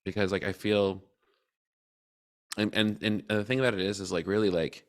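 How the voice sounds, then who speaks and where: A cohort facilitator talks candidly about his feelings in a personal, open and emotional way, swearing casually and restarting his sentences haltingly. His voice sits lowish, with fairly even intonation.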